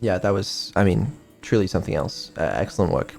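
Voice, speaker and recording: Low-voiced hesitant man streaming. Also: expressive, a little fast, vocal fry. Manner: hesitant, many ums and restarts, casual swearing. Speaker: streamer and AI developer. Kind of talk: casual live-stream chat. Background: faint music.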